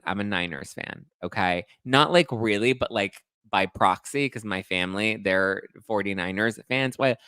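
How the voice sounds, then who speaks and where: A young adult man hosting a pop culture show, chatting casually in a gossipy, animated way and swearing now and then. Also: fairly low pitch, no room sound. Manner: gossipy, animated, sweary, acts out others' voices. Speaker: pop culture podcast host. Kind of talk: casual chat to camera.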